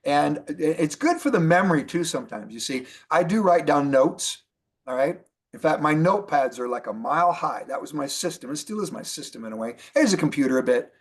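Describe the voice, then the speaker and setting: A middle-aged man gives a motivational training talk in a fairly high voice. He is animated and hammers home his key points by repeating them. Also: a little fast, husky. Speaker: network marketing trainer.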